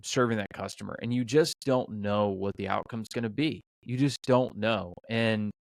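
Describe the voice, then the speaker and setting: Brief: lower-voiced male host, thoughtful and affirming, halting restarts, dry close mic. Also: gravelly, no echo. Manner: reflective, many filler restarts, affirming. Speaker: podcast host. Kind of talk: casual interview chat.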